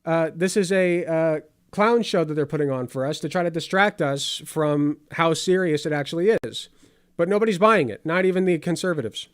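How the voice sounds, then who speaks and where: A man's voice: on the high side, normal speed, clean tone, no room sound, clean studio sound. A man hosting casual political commentary over clips, sarcastic and rambling with many fillers.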